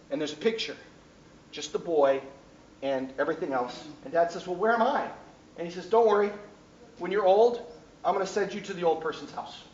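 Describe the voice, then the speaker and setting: A man's voice: fairly high pitch, recorded from a distance, a little hiss or hum. A man teaching a class, telling a story and often checking in with his students. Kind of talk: classroom lecture. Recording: echoey classroom taped from afar, dull.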